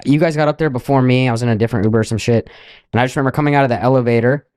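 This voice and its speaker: A man's voice: medium pitch, rapid-fire, darkish tone, clear, resonant tone, no room sound. A young man co-hosting a podcast, casually retelling a night out in a loose, profane way with quoted asides. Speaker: podcast co-host. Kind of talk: casual storytelling.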